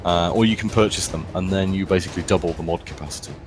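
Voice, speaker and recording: A man's voice: deep voice, steady tone, fast talker, over music. A man co-hosting a gaming livestream, explaining the game in a chatty, casual way. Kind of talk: casual gaming stream chat.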